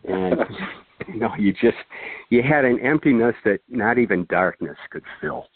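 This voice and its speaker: An older man tells his stories in a loose, rambling way, stopping to restart and adding "uh" and "anyway." His voice sits a little low. The sound is dry and narrow, like it comes over a phone line. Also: animated, normal speed, breathy edge, no echo. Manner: rambling, many fillers and restarts. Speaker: guest storyteller. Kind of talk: casual anecdote telling.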